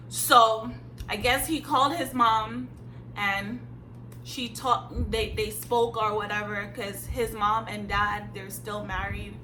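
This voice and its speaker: A woman's voice: medium pitch, steady tone, measured pace, noisy background. A young woman from Jamaica, telling a personal story in a blunt, emphatic way with casual slang. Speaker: vlogger. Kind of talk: candid storytime vlog.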